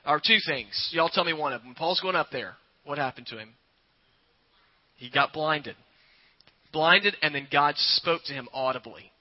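A man's voice: fairly high pitch, normal speed. A man preaching a sermon to a congregation, talking in a conversational way and putting questions to the people in the pews. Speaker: pastor. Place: church before a congregation. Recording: dull lo-fi recording.

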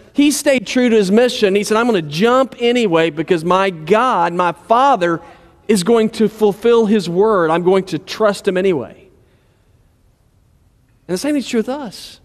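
The sermon comes from a man with a distinctly high voice who speaks casually and conversationally, lowering himself to a soft hush whenever he wants a point to land. Long reverb fills the space like a large hall.

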